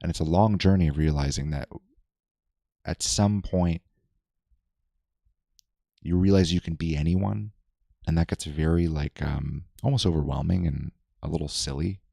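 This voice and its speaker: A low-voiced man with a gravelly edge, talking things over in a relaxed, rambling way. His tone is mellow and the recording is close and dry. He co-hosts a casual podcast chat. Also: moderate pace, pauses often, no room sound. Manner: reflective, loose, many fillers and restarts. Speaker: podcast co-host.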